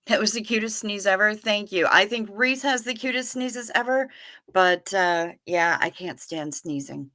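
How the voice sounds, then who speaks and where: At a normal speed and mid-range pitch, a woman chats through viewer comments on her livestream in a pushed, bright voice. Folksy and friendly, she greets people by name, addresses them as honey, and drops in hummed, sung doo-doo fillers.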